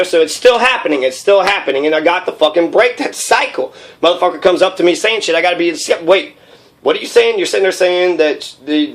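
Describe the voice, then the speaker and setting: Heated, profane man in his thirties. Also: fairly high pitch. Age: 30s. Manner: profane, rambling and heated, with many fillers. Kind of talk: raw personal monologue.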